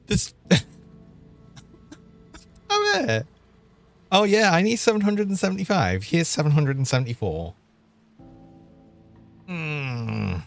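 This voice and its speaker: A man's voice: fairly high pitch, very animated, slow, creaky, pauses often, faint music behind. A young man, chatting and laughing as he streams a game. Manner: chatty, laughs often, thinks aloud. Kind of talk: live gameplay commentary.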